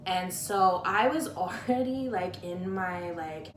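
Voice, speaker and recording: A woman's voice: lowish voice, slow pace, slight background noise. A woman chatting candidly about a loss, rambling along and using "like" a lot, recorded on a tablet. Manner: candid, rambling, heavy use of "like". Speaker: guest friend. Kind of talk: casual chat about grief. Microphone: tablet camera. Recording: echoey room.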